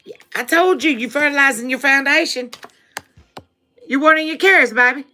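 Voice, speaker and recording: A woman's voice: high voice, a little fast, pushed and bright. A woman giving a live-streamed tarot reading, laughing often, repeating phrases for emphasis and calling her viewers baby. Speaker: tarot reader.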